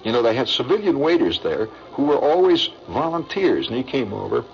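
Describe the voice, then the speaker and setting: A man's voice: mid-range voice, very animated, brisk, vocal fry, highs cut off, a little hiss or hum. An older man from Indiana telling a personal story in a rambling, hesitant way, with many restarts. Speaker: veteran recounting a memory.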